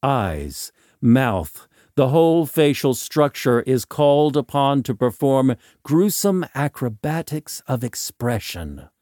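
A man narrating a scripted horror story in a measured, ominous way. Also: medium pitch, sing-song, mellow, no room sound, studio quality.

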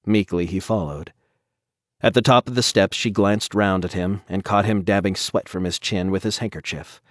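In an audiobook narration, a man with a very low, deep voice tells a dark tale in a measured, deliberate manner with fairly even intonation. The recording is dry and close, free of any room sound.

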